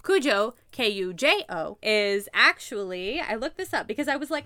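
Lively bright-voiced woman, dry close sound. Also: medium pitch, normal speed, dry recording. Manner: animated, swearing, laughing often. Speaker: podcast co-host. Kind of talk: casual chat recapping an old sitcom.

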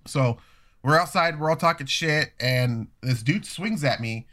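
Profane, animated man telling a story. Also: on the high side, measured pace. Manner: profane, animated, acts out quoted voices. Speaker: storyteller guest. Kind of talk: casual storytelling.

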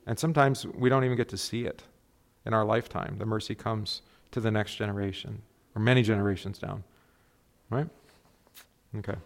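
A middle-aged man, a pastor, teaching a relaxed Bible class in a conversational way and often checking in with the group with quick tag questions. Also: lowish voice, creaky.

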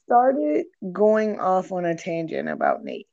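A woman's voice: on the low side, wildly swooping pitch, slow pace, a little mellow, dull audio. A young woman hosting a candid podcast chat, talking frankly and with lots of swearing, rambling through her thoughts with many fillers. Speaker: podcast host.

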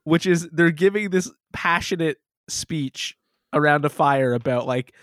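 A man co-hosting a casual movie review chat, rambling and halting, swearing and laughing often. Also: fairly high pitch, a bit bright, no echo, clean studio sound. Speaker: podcast co-host.

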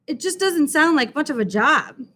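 A woman's voice: sits high, lively intonation, normal speed, bright, forceful tone, voice pushed up. A woman reading a storybook aloud, voicing an earnest, well-meaning schoolboy who talks in a matter-of-fact way.

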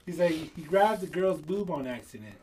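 A man's voice: fairly high pitch, animated, moderate pace, darkish tone, distant mic. A man in his thirties co-hosting a podcast, telling a profane story and acting out the dialogue with laughter. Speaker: podcast co-host. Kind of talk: casual storytelling chat.

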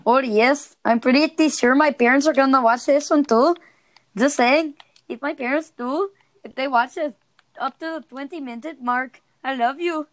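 High-voiced giggly teen girl gamer. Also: normal speed, dry recording. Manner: giggly, excitable, loud outbursts. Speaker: co-host of a gaming podcast. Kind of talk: casual gameplay chat.

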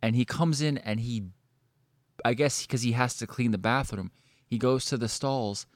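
A man telling a story in casual chat, animated and full of swearing, likes and restarts. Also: mid-range voice, normal speed, no echo.

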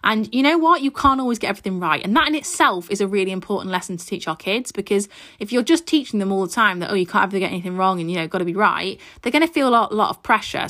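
A woman's voice: mid-range voice, fairly bright tone. Chatty woman hosting a podcast. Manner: chatty, reassuring, gives tips. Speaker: podcast host. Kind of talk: solo parenting podcast. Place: at her mother's house, indoors. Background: aeroplane overhead at times.

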